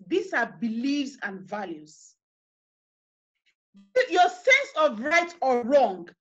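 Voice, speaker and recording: A woman's voice: a little high, very animated, slow, long pauses, a bit bright, highs cut off, soft background music. A woman with a Nigerian accent giving an online parenting workshop. She talks earnestly, asks listeners many questions and guides them through an imagined scene. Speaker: parenting coach. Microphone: video call.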